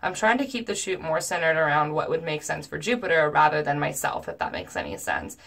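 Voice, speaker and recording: A woman's voice: low voice, big pitch swings, a little fast, gravelly, fairly bright tone. A young adult woman in a casual storytime vlog, talking in a chatty way with lots of fillers and reading messages aloud. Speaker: cosplayer recounting messages.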